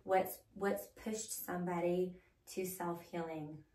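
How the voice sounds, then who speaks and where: Woman podcast host, warm-toned and supportive questioner, mic a bit distant. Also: fairly low pitch, fairly even intonation, slow. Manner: affirming, asks open questions, frequent "mm-hmm". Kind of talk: casual conversational interview. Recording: roomy, slightly distant mic.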